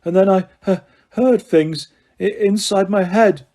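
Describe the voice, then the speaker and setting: A man voicing a shaken, spoiled teenage boy who mumbles hoarsely and stammers. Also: high voice, unhurried, mellow, voice pushed up. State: hoarse, trembling.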